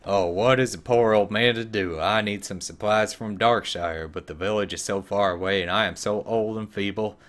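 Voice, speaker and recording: A man's voice: fairly low pitch, normal speed, few pauses, a bit bright, close to an everyday voice. A man reading game quest text aloud in a voice for a frail, self-pitying old male hermit, whiny and melodramatic. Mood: pleading.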